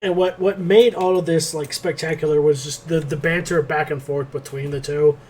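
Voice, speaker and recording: A man's voice: on the high side, steady tone, moderate pace, darkish tone. A man co-hosting a podcast, telling a rambling, profane play-by-play recap in casual chat. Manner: rambling play-by-play, swears freely. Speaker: podcast co-host.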